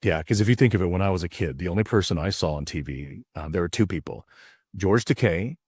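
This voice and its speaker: A man's voice: sits low, quick pace, slightly rough, no echo, studio quality. A man in his fifties from the United States, an actor guest telling stories in a casual interview and acting out voices as he goes. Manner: animated, acts out voices while telling stories.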